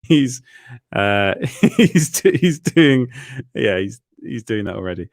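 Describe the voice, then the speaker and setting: A man's voice: medium pitch, big pitch swings, takes it slowly, no echo, clean studio sound. A young man with an English accent telling stories in a casual, laughing, self-deprecating way as a co-host. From England. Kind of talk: casual livestream chat.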